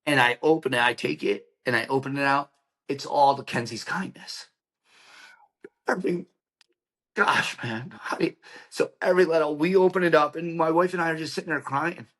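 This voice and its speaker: On the high side and at a moderate pace, a middle-aged man guesting on a podcast relates an emotional personal story. He's an animated narrator who dramatizes dialogue and sprinkles in plenty of "like" and "right?".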